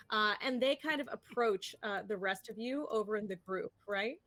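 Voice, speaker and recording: A woman narrating a tabletop game as game master, relaxed, with many fillers. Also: mid-range voice, normal speed, few pauses.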